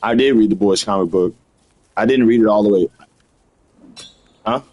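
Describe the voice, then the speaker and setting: A man's voice: on the low side, normal speed, darkish tone, muffled recording. A man chatting casually while playing a video game, ranting in a repetitive, slangy way. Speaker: gaming video host.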